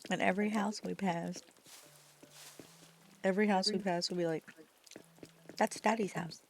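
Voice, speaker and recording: A woman's voice: mid-range voice, fairly even intonation, moderate pace, vocal fry, a little hiss or hum. A woman streamer chatting casually while gaming, telling rambling stories, swearing freely and laughing often.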